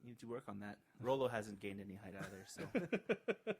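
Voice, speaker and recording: A man's voice: fairly low pitch, very animated, normal speed, breathy edge. Playful teasing young man, laughing. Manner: playful, teasing, laughs often, stammering restarts. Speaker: podcast co-host. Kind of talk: casual chat.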